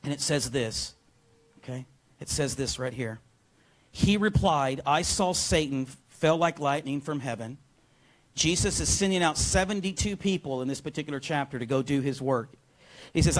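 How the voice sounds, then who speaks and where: Energetic preaching pastor, slightly high voice. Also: male voice, moderate pace. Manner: energetic, calls for responses from the congregation. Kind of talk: sermon. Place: church sanctuary.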